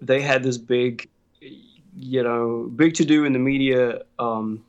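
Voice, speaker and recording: A man's voice: mid-range voice, fairly even intonation, slow pace. A man telling a story in casual chat, swearing freely and laughing often. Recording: dull lo-fi sound.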